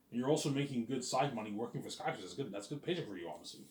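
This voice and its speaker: A man's voice: mid-range voice, expressive, very fast, darkish tone. A man vlogging in a casual rambling monologue, full of fillers, restarts and the odd curse word. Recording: roomy echoing room.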